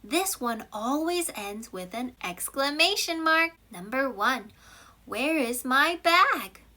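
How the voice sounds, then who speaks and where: A woman's voice: sits high, expressive, slow pace, sharp tone. A woman with a Korean accent teaching an English grammar lesson, switching between English and Korean and reading example sentences with big expression.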